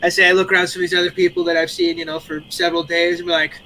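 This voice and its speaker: A man playing a tabletop game character, lively and a little mock-formal in character. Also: high-pitched, rapid-fire, a little hiss or hum, poor audio. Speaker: player.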